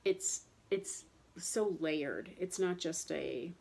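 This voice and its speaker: Deep, slow, gravelly and a little mellow, this thirty-something woman's voice carries a casual personal monologue about chronic pain. She rambles candidly, frustrated, with many fillers and restarts.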